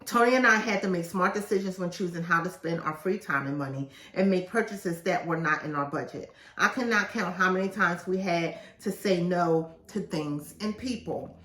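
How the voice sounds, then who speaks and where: A woman's voice: lowish voice, normal speed, hardly any pauses. Emphatic woman host in an echoey room. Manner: assertive, emphatic and animated. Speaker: podcast host and author. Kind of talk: reading aloud from her own book with casual asides. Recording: roomy echo, mic at a distance.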